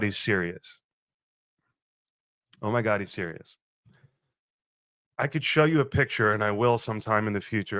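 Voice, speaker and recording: Young male podcaster with a lowish voice, animated and profane storyteller, dry close recording. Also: no echo. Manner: animated, profane, acts out his own quoted lines. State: a little thirsty, just woke up. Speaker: podcast host. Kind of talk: casual storytelling monologue.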